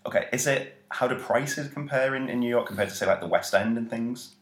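A man co-hosting a podcast, joking and asking questions in casual chat. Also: medium pitch. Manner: jokey, quick to laugh, asks questions. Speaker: podcast co-host. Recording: roomy echo.

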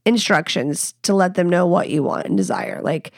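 A woman's voice: on the low side, expressive, moderate pace, few pauses, dry recording, studio quality. A woman hosting a podcast, giving frank, profane and playful sex advice in a casual way. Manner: blunt, profane, playful, laughs at her own jokes. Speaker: podcast host.

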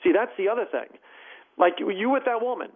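A man who is a comedian and former judge, talking as an interview guest in an emphatic, animated way. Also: high-pitched, brisk. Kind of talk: casual interview chat. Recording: tinny phone line.

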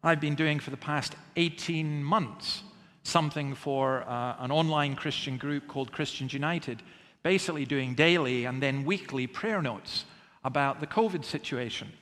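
A man delivers a sermon with earnest emphasis, pressing his listeners with rhetorical questions at a moderate pace. His voice is a little higher than most men's and a bit bright, ringing with the long reverb of a hall.

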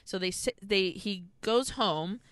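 Podcast co-host, woman, bright tone, dry close mic, lively profane plot recap. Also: medium pitch, takes it slowly, dry recording. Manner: animated storytelling, acts out characters, frequent swearing. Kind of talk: casual film recap chat.

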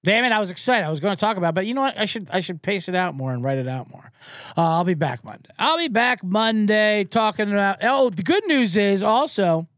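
A man's voice: high voice, fairly quick, no room sound, studio quality. A man hosting a sports show, rambling through a casual, profane monologue. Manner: rambling and profane, with animated impressions.

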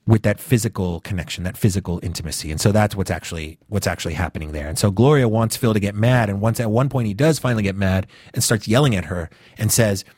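A podcast host with a fairly low male voice and a Northeastern US upbringing chats in a loose, rambling way. His speech is full of "you know" and restarted phrases. The recording is close and dry, with no room sound. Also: fast, few pauses, darkish tone, husky, no echo. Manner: rambling, conversational, with frequent fillers and restarts. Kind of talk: casual podcast commentary.

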